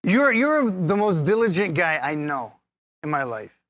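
A man's voice: sits high, a little slow, no room sound. Male pastor, sermon, playful and teasing, laughs a lot, dry close sound. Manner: lively and humorous, teasing the congregation; laughs often.

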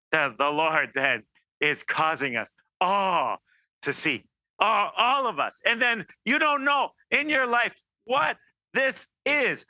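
Animated, bright-voiced male preacher. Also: high-pitched, no echo. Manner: animated, acts out quoted voices, many restarts. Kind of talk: informal sermon.

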